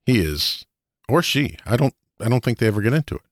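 A man's voice: mid-range voice, sing-song, a little fast, no echo, clean studio sound. A man co-hosting a casual podcast, laying out his ideas step by step in an easygoing way. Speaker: podcast co-host.

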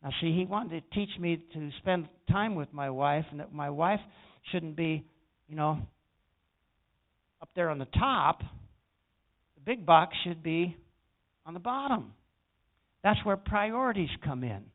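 Male pastor, storytelling sermon with emphatic swells, somewhat high voice, lo-fi phone sound. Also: expressive, measured pace, pauses often. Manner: storytelling preacher, rising to emphatic peaks.

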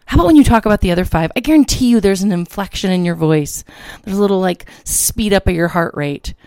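A woman hosting a motivational podcast, a little hoarse and tired, talking with energy and asking her listeners for a response. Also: on the low side, darkish tone, no room sound, studio quality. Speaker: podcast host, motivational speaker.

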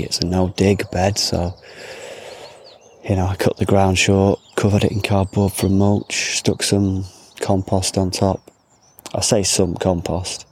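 A man's voice: low voice, a little mellow, husky. A man hosting a podcast, chatting casually while he walks around an allotment, with rambling, self-deprecating asides. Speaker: podcast host. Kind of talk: casual outdoor monologue. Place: outdoors at an allotment.

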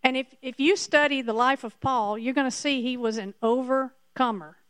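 A woman's voice: high voice, normal speed, fairly bright tone, clean tone, no echo. A woman preacher giving a sermon emphatically, repeating her points to the congregation.

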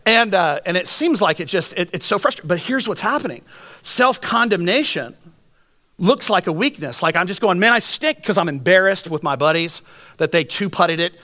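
A man preaching a sermon, telling stories in an animated, joking way and then dropping to soft, earnest tones. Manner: animated, jokey storytelling with quick shifts to soft, earnest lows. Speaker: pastor.

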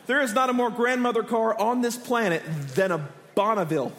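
High-pitched pastor in his 30s from texas, animated funny storytelling, big echoey hall. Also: a little fast. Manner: animated, self-deprecating storytelling. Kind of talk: sermon with humorous personal story.

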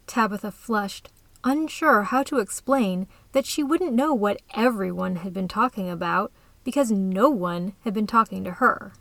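A woman reading a story aloud in a calm, even way. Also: medium pitch, measured pace, dry recording. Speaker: narrator. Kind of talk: scripted story narration.

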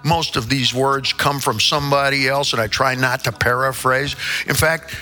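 A man's voice: mid-range voice, fairly even intonation, normal speed, pushed and bright, soft background music. A man in his sixties, a rock singer, telling stories in a casual interview with theatrical flair, playful wordplay and the odd swear word.

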